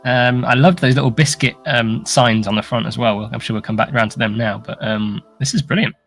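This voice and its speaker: A man with an average-pitched voice co-hosts a laid-back showcase of entries. He talks with easy enthusiasm and laughs often, with faint music underneath. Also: steady tone, brisk, vocal fry. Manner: enthusiastic and warm-hearted, laughs easily. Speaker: co-host. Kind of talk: casual chat commentary on contest entries.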